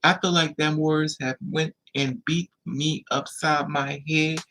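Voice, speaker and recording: A man speaking in a confessional vlog monologue, rambling in halting restarts and repeated phrases. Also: fairly high pitch, fairly even intonation, gravelly, sharp tone. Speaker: vlogger.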